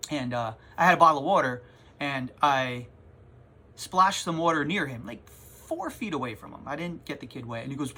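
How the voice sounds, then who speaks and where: Man, comic shop owner, casual vlog storytelling, rambling and animated, bright forceful voice. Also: mid-range voice, moderate pace, breathy edge. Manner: rambling, animated, self-interrupting.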